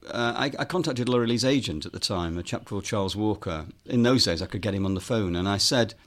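A filmmaker and author, appearing as a podcast guest, tells a long anecdote in a fairly low voice at a fast clip. He's relaxed, says "um" a lot, and acts out the dialogue of the people he quotes in this storytelling interview.

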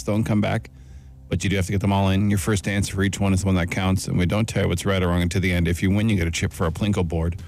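A man's voice: sits low, darkish tone. A man co-hosting a morning radio show, bantering emphatically and explaining a quiz game. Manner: emphatic, repeats himself. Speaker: radio co-host.

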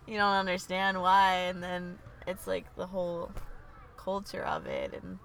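A woman's voice: fairly low pitch, wildly swooping pitch, a little slow, gravelly, a bit bright, slight background noise. A young woman chatting casually as a podcast guest, chatty and giggly. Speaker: guest, host's sister. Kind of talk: casual chat.

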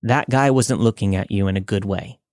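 A man's voice: fairly low pitch, normal speed, darkish tone, no echo, studio quality, lightly acted. A man doing a kindly Cockney cabbie. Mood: reassuring. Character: kindly male London taxi driver.

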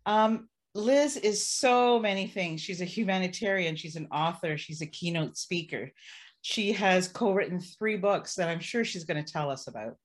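Female host, slightly low voice, admiring, gently encouraging interviewer. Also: moderate pace. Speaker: podcast host. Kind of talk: interview introduction and questions.

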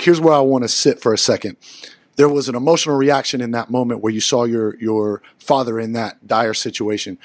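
Energetic male interview host, enthusiastic, with a mid-range voice and a dry close sound. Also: medium pitch, no room sound. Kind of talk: interview conversation.

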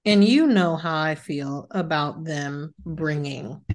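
A woman's voice: deep voice, slow pace. A woman podcaster chatting casually about gossip, making her points emphatically and repeating them for effect. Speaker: podcast guest host.

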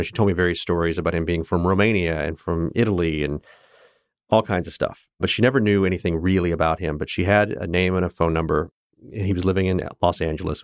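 A man's voice: sits low, no echo, studio quality. A man from Kansas in his fifties, an interview guest telling his own family story in an earnest, reflective and candid way. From Kansas, USA. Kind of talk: personal storytelling in conversation.

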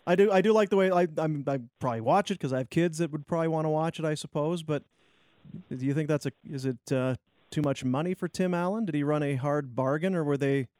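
A man co-hosting a casual chat, halting and restarting his sentences. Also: a little high, darkish tone, no echo.

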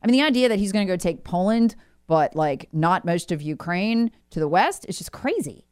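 A woman's voice: lowish voice, expressive, normal speed, a little mellow, clean tone, no room sound, studio quality. A woman speaking as a guest commentator, alarmed and insistent, often repeating words for emphasis.

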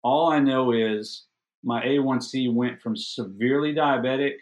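A middle-aged man, a podcast guest, telling a personal story in a casual, animated, self-deprecating way and doubling up words when excited. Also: mid-range voice, measured pace.

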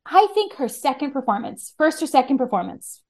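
A woman talking as a podcast guest in casual chat, animated, with frequent restarts. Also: high-pitched, moderate pace.

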